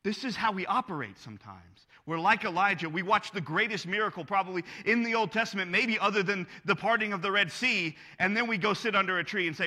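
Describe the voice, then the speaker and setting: A man's voice: high-pitched, fast, few pauses, bright, forceful tone, in a large hall. A man preaching a sermon as pastor, earnest and conversational, asking his listeners rhetorical questions.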